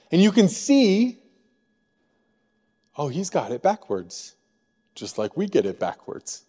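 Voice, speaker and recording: Male pastor from Missouri, slightly high mellow voice, chatty sermon delivery, long church reverb. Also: big pitch swings, moderate pace. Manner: conversational, frequent rhetorical "right?". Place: church sanctuary.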